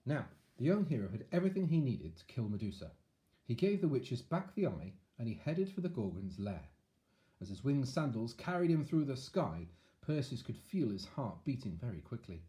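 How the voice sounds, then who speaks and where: A man's voice: mid-range voice, moderate pace. A man reading a picture book aloud to children, with chatty asides. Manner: animated, chatty asides to young listeners. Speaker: storyteller.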